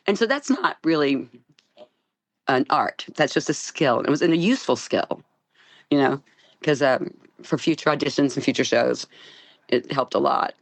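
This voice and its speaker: Low-voiced laughing older actress. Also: female voice, dry recording. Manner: animated, laughs often, restarts. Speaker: guest actress. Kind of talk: storytelling interview.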